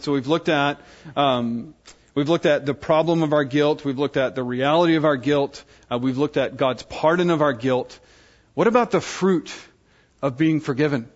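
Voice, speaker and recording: A man delivers an earnest sermon, checking in with his hearers again and again. His voice sits a little high. The recording is dull and lo-fi. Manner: earnest, asks the audience "right?" often. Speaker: preacher.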